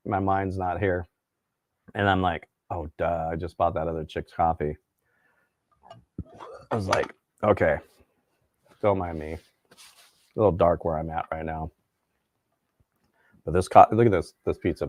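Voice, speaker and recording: A man's voice: low-pitched, fairly even intonation, a little slow, pauses often, darkish tone, no echo. A man chatting casually on a live cooking stream, enthusiastic and a bit tired from staying up late. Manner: enthusiastic, chatty, storytelling with voices.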